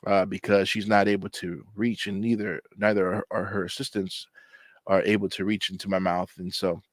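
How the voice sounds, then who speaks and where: Rambling man hosting casual chat, low voice. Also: flat delivery, moderate pace, no echo. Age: adult. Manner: rambling, loose storytelling. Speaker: channel host.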